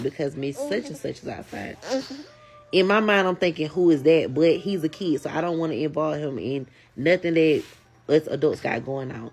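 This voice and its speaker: A woman telling a casual storytime, animated and talking straight to her viewers. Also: deep voice, normal speed.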